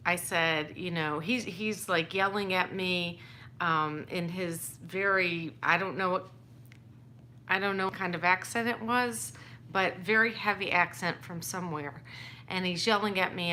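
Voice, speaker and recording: A woman's voice: fairly low pitch, slow pace, bright, forceful tone, slight background noise. A woman telling a personal story in a casual, rambling way, exasperated and restarting often.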